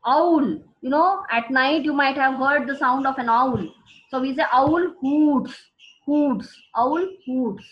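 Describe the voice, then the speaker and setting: A woman teaches students, slowly repeating each key word. Her voice sits high, and the recording sounds muffled and lo-fi. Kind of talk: classroom vocabulary lesson. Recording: dull lo-fi recording.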